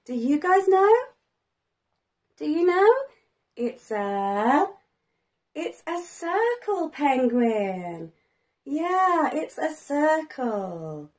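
A woman's voice: high-pitched, very animated, drawn-out words, pauses often. A woman hosting a children's learning video as a preschool teacher, talking in a sing-song way with dramatic gasps and plenty of praise.

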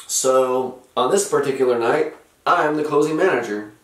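A man's voice: medium pitch, moderate pace, far from the mic, noisy background. A middle-aged man telling comic stories in a dry, grumpy, sardonic way. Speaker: comedic storyteller host. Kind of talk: deadpan comic retail storytelling. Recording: roomy echo, from off-mic.

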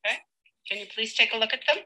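A woman teacher leading a live demonstration lesson with a child, patient and encouraging, slowly sounding out words. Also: on the high side, bright, forceful tone, rough recording.

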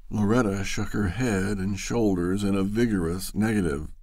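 Slow husky guy reading a classic story, lively ups and downs, dry sound. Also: lowish voice, no echo. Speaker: narrator. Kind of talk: audiobook narration of a classic story.

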